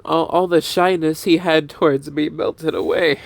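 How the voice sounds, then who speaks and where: A man telling a personal story, laughing often and halting to repeat himself. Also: fairly high pitch, steady tone, vocal fry. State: breathless and dizzy.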